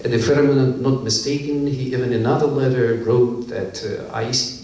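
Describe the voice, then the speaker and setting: A man's voice: mid-range voice, steady tone, normal speed, few pauses, darkish tone. A man giving an academic conference lecture, explaining points from his slides. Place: conference hall. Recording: echoey hall, mic far off.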